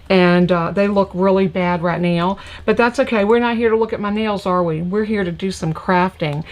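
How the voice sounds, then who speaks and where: An older woman with a Southern US accent hosting a live crafting stream in a folksy, chatty way, greeting viewers by name. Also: medium pitch. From United States. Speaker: crafting channel host. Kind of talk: casual live-stream chat.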